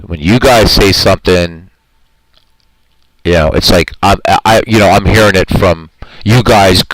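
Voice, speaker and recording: A man's voice: deep voice, a little slow, fairly bright tone, no room sound, low-quality recording. A man hosting a live stream in casual chat, talking in an earnest, rambling, heartfelt way and answering his viewers' comments.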